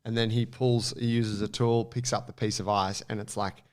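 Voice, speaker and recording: Aussie bloke on a podcast, rambling animated story, swears a bit, lots of likes and ums. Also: male voice, on the low side, normal speed. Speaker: podcast co-host. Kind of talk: casual storytelling chat.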